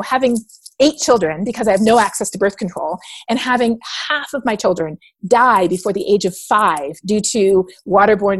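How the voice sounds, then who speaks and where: In a relaxed interview, this Canadian guest recounts stories with lots of energy, imitating the voices of those she quotes. She speaks in a mid-range voice on a dry recording.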